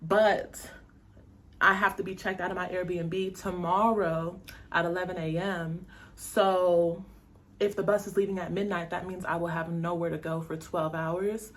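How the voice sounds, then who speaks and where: A woman's voice: fairly low pitch, fairly even intonation, unhurried. A woman from the United States talking casually to her viewers in a travel vlog, laughing often and using slang. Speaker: travel vlogger.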